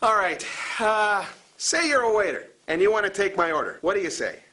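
Heavily acted and pushed bright, this man's high voice swings widely in pitch as he portrays a domineering instructor of a comedic dialect class. It's a sketch-comedy lecture, delivered slowly and with deliberate overstatement.

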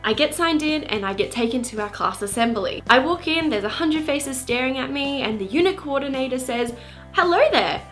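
A woman telling a personal story about her first school day with a lively, dramatic delivery. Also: sits high, a little fast, hardly any pauses, faint music behind.

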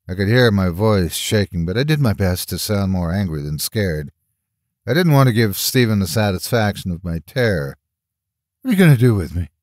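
A man narrating a first-person horror story in a measured storytelling voice. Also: lowish voice, dry recording, clean studio sound.

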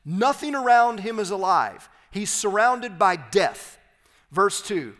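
A man preaching an expository sermon as pastor, reading scripture aloud and explaining it with emphatic, slowed phrases. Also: sits high, animated, a bit bright, long reverb tail. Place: church sanctuary.

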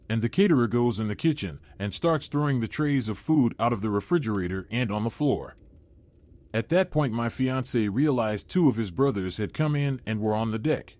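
A man reading a first-person horror story aloud in a steady, low-key manner. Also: moderate pace, no echo. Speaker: narrator.

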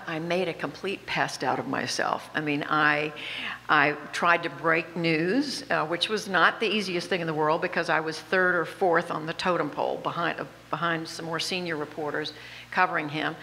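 A woman in her seventies with a slight Southern accent, telling lively, self-deprecating stories as an honored guest on stage. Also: fairly low pitch. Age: 70s. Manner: animated, self-deprecating anecdotes with frequent laughs. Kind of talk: on-stage interview storytelling. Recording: reverberant hall with faint background noise.

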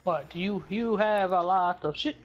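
A man's voice: high voice, unhurried, lo-fi sound. A young man gaming with friends, talking bluntly, swearing and complaining about the match. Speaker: teammate. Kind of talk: casual gaming chat.

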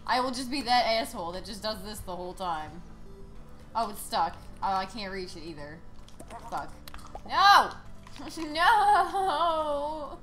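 A woman streaming a video game live, ranting sarcastically and swearing with loud frustrated outbursts. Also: mid-range voice, moderate pace, faint music behind. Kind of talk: live gameplay commentary.

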